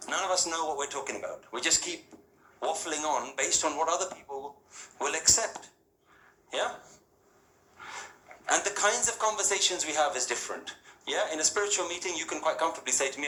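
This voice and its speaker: A man with a fairly high, expressive, sharp-toned voice speaks a little fast, giving an interactive spiritual talk to an audience in a hall. Casual and rhetorical, he questions the crowd and often checks in with "yeah?" or "right?". The recording is echoey, with faint ambience and slight background noise.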